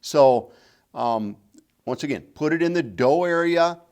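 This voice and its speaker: Demonstrating calling technique, this middle-aged game call instructor has a slightly high, smooth voice with a darkish tone. He sounds animated yet unhurried, patiently circling back to repeat the main points.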